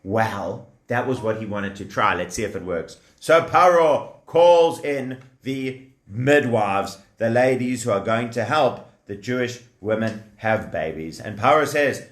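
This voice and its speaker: Slow, animated man telling kids' stories. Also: mid-range voice. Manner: animated, asks the children questions. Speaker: children's storyteller. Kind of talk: children's story narration. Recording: echoey room.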